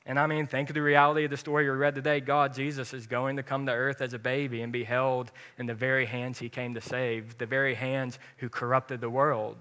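A man's voice: mid-range voice, level tone, brisk, few pauses, bright, forceful tone. A man preaching an informal sermon, earnest and personal, with bursts of joking. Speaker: pastor.

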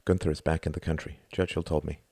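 A man reading an audiobook, voicing a tired, subdued grown son in a quiet way close to his own voice. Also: rumbling low, little pitch movement, quick pace, dry recording. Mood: gentle. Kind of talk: audiobook character voice.

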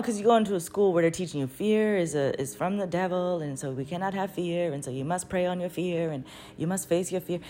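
An adult woman telling a personal story in a casual, animated way, swearing freely and laughing often as she talks. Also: lowish voice. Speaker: vlogger.

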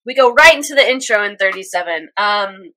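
A woman co-hosting a casual recap chat, animated and quick, a little stuffy from a cold, quoting characters' lines as she goes. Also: medium pitch, dry recording, rough recording. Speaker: podcast co-host recapping an anime episode.

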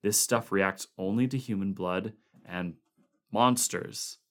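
A grim, weary male expedition leader with a low, measured voice, as a man reads him in a storybook. He is thoughtful and soft-spoken, never rushing. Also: full character voice.

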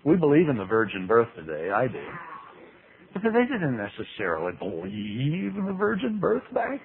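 A man teaching the Bible in a humorous sermon, telling stories with big leaps in pitch and acting out quotes in voices. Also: huge pitch swings, normal speed. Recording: tinny radio broadcast with faint hiss.

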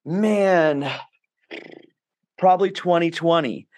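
A man's voice: fairly high pitch, slow pace, darkish tone. A man hosting a podcast in a casual, laid-back chat, calling his guest man and bro. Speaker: podcast host.

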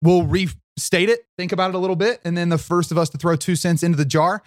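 A man's voice: high voice, fairly even intonation, no room sound, clean studio sound. Upbeat man introducing a faith podcast. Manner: quick, upbeat, joking. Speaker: podcast co-host. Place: studio.

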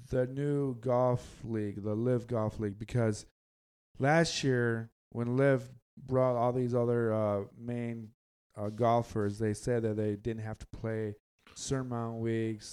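A man's voice: medium pitch, fairly even intonation, unhurried, darkish tone, clean tone. A man hosting a casual sports podcast, loose and rambling, often joking. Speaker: podcast host.

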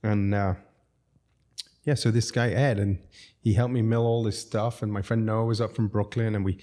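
Mellow-voiced man telling rambling stories. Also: fairly low pitch, steady tone, normal speed. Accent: non-American English. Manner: laughing, rambling anecdotes. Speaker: restaurateur guest. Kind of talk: casual storytelling chat.

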